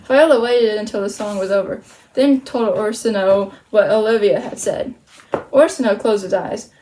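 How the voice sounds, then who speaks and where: A woman's voice: medium pitch, normal speed, mellow, rough recording. A woman hosting a storytime channel, reading a picture book aloud with playful, slangy asides.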